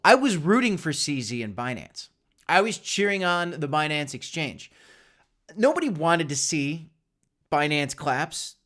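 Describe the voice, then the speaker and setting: A man's voice: fairly high pitch, a bit bright. A man hosting a live crypto stream, talking opinionated and direct to his viewers with frequent restarts. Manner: opinionated, talks straight to viewers; frequent restarts and self-corrections. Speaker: crypto livestream host. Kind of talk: casual live-stream commentary.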